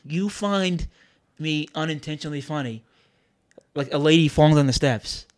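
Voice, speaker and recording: High-voiced man riffing, whiny and fast. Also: darkish tone. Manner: whiny, self-pitying, quick to riff. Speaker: podcast co-host. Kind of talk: casual comedic banter.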